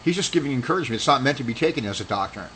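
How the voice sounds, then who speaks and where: A man's voice: mid-range voice, expressive, rapid-fire, bright, forceful tone, slight background noise, low-quality recording. A man giving a casual religious commentary monologue, rambling and argumentative, with heated accusing stretches. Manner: rambling with restarts.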